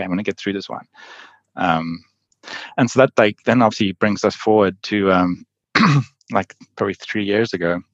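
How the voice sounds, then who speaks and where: Low-voiced man telling stories casually. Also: dry recording, highs cut off. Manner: rambling, filler-heavy, laughs often. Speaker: podcast guest, endurance athlete. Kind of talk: casual storytelling.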